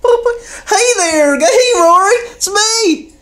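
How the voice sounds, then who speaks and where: A man doing a boastful high-voiced footballer impression. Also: animated, a little fast. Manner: breathless, boastful, repeats "no doubt about it".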